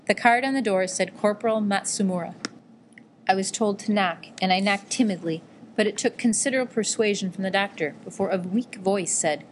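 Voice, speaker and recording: A woman narrating a memoir-style novel in a measured, gentle storytelling manner. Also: medium pitch, a little hiss or hum. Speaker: audiobook narrator.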